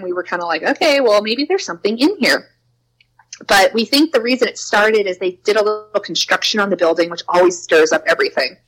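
A young woman chats casually about spooky things from her preschool job, saying "like" a lot and acting out quotes in a higher, raised voice. Her tone is fairly bright, and the audio is poor.

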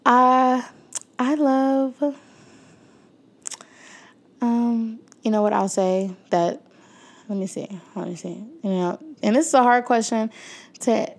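A woman's voice: on the high side, slow pace, pauses often. A young woman hosting her own podcast, talking casually and emotionally to her listeners, with many fillers and frequent thanks. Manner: warm-hearted, emotional, many fillers, talks to listeners as y'all. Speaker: podcast host. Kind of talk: casual heartfelt podcast outro.

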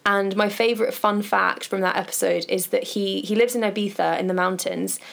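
Woman podcast co-host, vocal fry, chatty book recommendations. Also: medium pitch, fairly even intonation, fairly quick. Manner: conversational, thinking aloud with fillers. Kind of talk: casual chat recommending books and podcasts.

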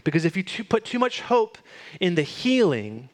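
A man's voice: high voice, very animated, moderate pace. Man preaching a conversational sermon. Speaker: pastor.

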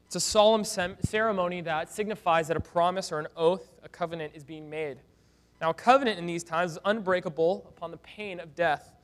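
A man's voice: high voice, fairly quick. A man preaching a sermon as pastor, speaking in an earnest, exhorting way.

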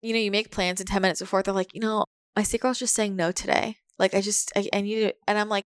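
A woman's voice: mid-range voice, fairly even intonation, fast talker, smooth, no echo, studio quality. A woman talking candidly in a casual podcast chat, swearing now and then and acting out her own inner voices. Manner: candid, swears, acts out quotes.

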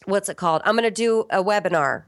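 A woman guesting on a podcast as a cookbook author, chatting in a lively, animated way and laughing easily. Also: medium pitch, fast, no echo, clean studio sound. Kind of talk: casual podcast interview.

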